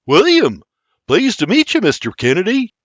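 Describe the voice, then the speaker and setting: A man's voice: high-pitched, wildly swooping pitch, normal speed, fairly bright tone, slightly rough, dry recording, highs cut off, pitched above the performer's own voice, exaggerated voice. A man voicing a polite young Irish immigrant who speaks earnestly with an Irish accent.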